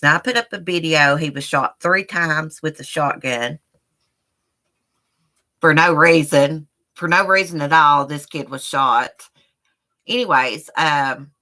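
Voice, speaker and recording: A woman hosts a casual live stream from her home, rambling from one story to the next and calling her viewers y'all. Her voice sits low, and her tone has a bright, forceful edge. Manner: chatty, rambling, addresses chat as y'all. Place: indoors at home.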